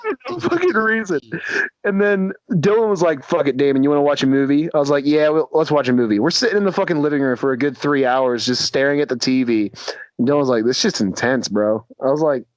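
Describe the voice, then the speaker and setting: A man's voice: fairly high pitch, expressive, a little fast, no echo. A young man, a podcast co-host, casually telling a crude story with lots of laughter, acting out his friends' lines.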